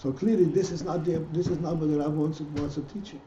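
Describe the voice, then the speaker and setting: A man's voice: a little high, steady tone, quick pace, dark tone. A man teaching a Hasidic text class as rabbi, stopping and restarting often and posing rhetorical questions to his students. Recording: dull, echoey room, faint noise.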